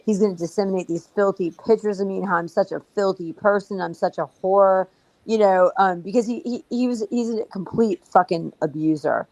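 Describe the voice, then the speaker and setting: A woman's voice: mid-range voice, brisk, a little mellow, no echo, poor audio. A woman telling her story bluntly and profanely in a casual livestream talk. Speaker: guest.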